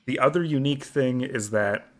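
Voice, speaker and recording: A man in casual podcast chat, his voice sitting at an ordinary middle pitch. He laughs easily and slips into playful voices when quoting someone. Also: moderate pace. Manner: laughs often, quotes others in playful voices. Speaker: podcast co-host.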